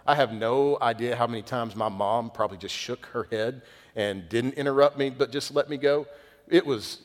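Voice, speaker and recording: A young adult man preaching a sermon as a pastor, talking casually and telling stories with lively bursts, then dropping to quiet emphasis. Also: mid-range voice, big-room sound. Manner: conversational, animated storytelling with sudden quiet emphasis.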